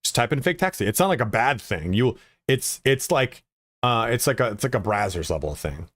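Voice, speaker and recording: A man's voice: medium pitch, lively intonation, fairly quick, a bit bright, no room sound, clean studio sound. A man chatting casually and profanely with viewers as a game streamer, rambling with lots of filler words.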